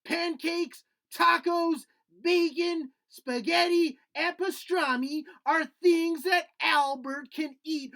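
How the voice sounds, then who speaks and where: A man's voice: extremely high pitch, bright, forceful tone, pitched above the performer's own voice, full character voice. A man voicing a small, fretful male puppet creature who holds a grudge, talking in a whiny, indignant sing-song. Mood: reciting. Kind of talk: puppet skit in a lesson.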